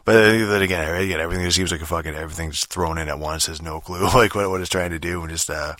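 A man's voice: sits low, fairly even intonation, fast talker, a bit bright, no room sound, clean studio sound. A man giving a casual, rambling game review, swearing constantly and full of fillers and restarts.

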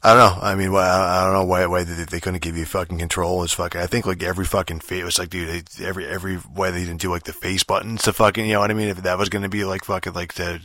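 Speaking fast with few pauses, a man gives a rambling, casual game review in a very low, forceful voice with flat delivery. Swearing fills nearly every line alongside fillers and restarts, and the sound is dry and close with no room.

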